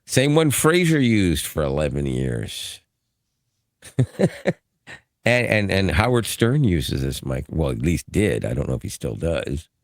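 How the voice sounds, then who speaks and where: Very deep-voiced man, lively rambling talk. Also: measured pace, dry recording, clean studio sound. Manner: rambling, with fillers and self-restarts, often laughing. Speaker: podcast co-host. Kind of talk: casual podcast chat over a call. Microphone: broadcast dynamic microphone.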